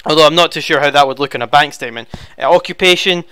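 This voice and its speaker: A young man rambles through viewer questions into his headset, chatty and quick to get flustered. His voice sits fairly high and sounds bright, clean and smooth. The sound is close and dry, with no room around it. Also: no echo. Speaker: YouTube Let's Player. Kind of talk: casual Q&A answering viewer questions. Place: home room.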